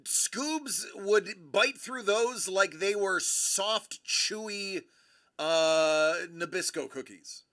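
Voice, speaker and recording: A man hosting a livestream, chatting in a rambling, animated way and often correcting himself mid-sentence. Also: high voice, drawn-out words. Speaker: livestream host. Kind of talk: casual live-stream chat.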